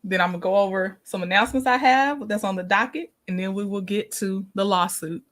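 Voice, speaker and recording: A woman's voice: medium pitch, fairly even intonation, brisk, a bit bright. A woman hosting a casual livestream, greeting viewers by name and laughing often. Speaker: livestream host.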